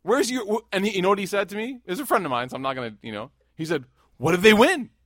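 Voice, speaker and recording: A man in his thirties giving a sermon, mixing laughing stories with hushed, earnest reflection. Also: high voice, racing, dry recording, studio quality. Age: 30s. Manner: animated, jokes and rises loud in anecdotes, hushed and earnest in devotion. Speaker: Muslim preacher. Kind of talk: sermon with storytelling.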